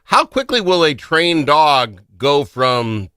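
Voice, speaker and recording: A chatty male radio host who laughs easily. His pitch swings widely and his voice is bright. The sound is dry and close, as in a studio booth. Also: sing-song, moderate pace, hardly any pauses, no echo. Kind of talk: casual radio interview chat.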